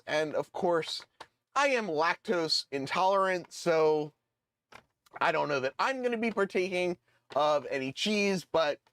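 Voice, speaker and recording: A man's voice: high voice, a bit bright, clear, resonant tone. A man casually chatting on a live stream, reading a letter aloud with lots of fillers and self-deprecating asides. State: voice cracking. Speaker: model railroad streamer.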